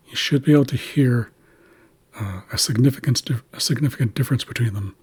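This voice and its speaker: A man patiently teaching how to pronounce words in an Indigenous language, slowly sounding out each syllable. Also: medium pitch, darkish tone, slightly rough. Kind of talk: explaining pronunciation of an Indigenous language.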